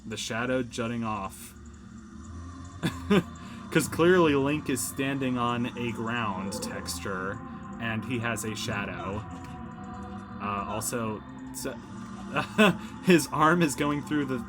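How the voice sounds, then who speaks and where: A man's voice: mid-range voice, slow pace, long pauses, music in the background. A man hosting a casual let's play, rambling through gameplay commentary with lots of fillers and self-mocking asides, recorded at home.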